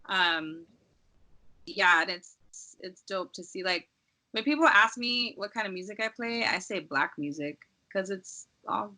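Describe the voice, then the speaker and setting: A woman from Los Angeles, a DJ, chatting casually as a podcast guest in a relaxed, rambling way full of "like" and "um.". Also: mid-range voice, unhurried. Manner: relaxed, rambling, heavy use of "like" and "um".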